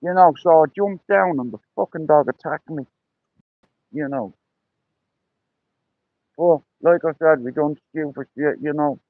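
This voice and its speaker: A man's voice: on the high side, measured pace, long pauses, no echo, narrow, tinny audio. A man telling rambling, profane stories on a livestream, with lots of "you know" between them. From Ireland. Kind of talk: casual storytelling on a livestream.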